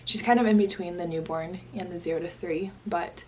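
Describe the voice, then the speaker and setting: A young mom with a slightly low voice talks casually to camera at home. Her throat is dry and hoarse, and she keeps her volume down so she won't wake anyone. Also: fairly quick, slight background noise. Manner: chatty, apologetic, lowers voice to stay quiet. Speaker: parenting vlogger. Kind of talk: casual vlog talk to camera. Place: at home indoors.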